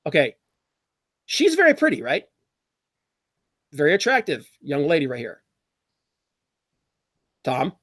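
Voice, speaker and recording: This podcast host, his voice a little high, reacts to chat throughout a casual livestream, animated and opinionated. He speaks a little slowly and pauses often, and the close, dry recording has no echo.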